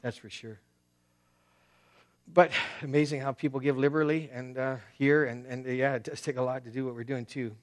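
Casual New pastor preaching. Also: male voice, medium pitch, fairly even intonation, brisk. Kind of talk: sermon.

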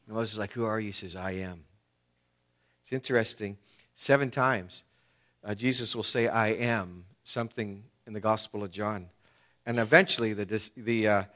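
A male pastor preaches a sermon to a church congregation, with a voice of middling pitch. His delivery is conversational, full of fillers like "you know" and "man". He leans hard on key phrases and then drops to near-hushed tones. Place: church sanctuary.

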